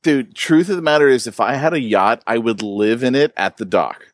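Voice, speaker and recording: Male co-host, mid-range voice, dry close mic, relaxed storyteller outdoors. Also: mid-range voice, moderate pace, no echo. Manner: laid-back, playful storytelling. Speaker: podcast co-host. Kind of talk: casual podcast banter. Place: outdoors in his backyard.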